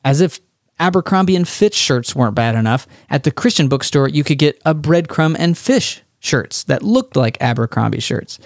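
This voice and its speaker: A man's voice: a little high, a little mellow, no room sound, clean studio sound. A man from Texas hosting a podcast, talking through a monologue in a conversational, wry way. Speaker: podcast host.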